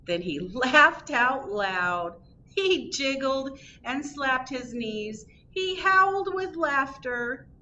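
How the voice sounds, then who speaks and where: A woman reads a picture book aloud at children's storytime, unhurried and expressive. Her pace is slow and deliberate, with gentle lifts of animation, and a faint hum of noise sits behind her. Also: high-pitched, lo-fi sound. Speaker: librarian reading at storytime.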